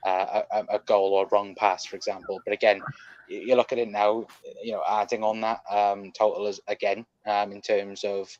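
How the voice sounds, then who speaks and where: A man's voice: on the low side, flat delivery, moderate pace, darkish tone, no room sound, muffled recording. A man co-hosting a casual football chat show, rambling with many ums and restarts. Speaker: football podcast co-host. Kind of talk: casual post-match chat.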